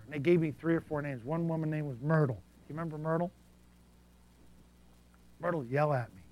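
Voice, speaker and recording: Animated male preacher telling stories. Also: fairly high pitch, brisk, pauses often, dry recording. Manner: animated, swings between soft asides and loud bursts. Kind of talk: sermon storytelling.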